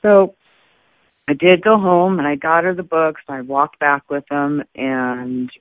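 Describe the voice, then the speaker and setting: A man's voice: fairly high pitch, steady tone, measured pace, dry recording. A man earnestly telling a rambling personal faith story, full of fillers and restarts, in casual testimony style. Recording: dry tinny phone-like sound.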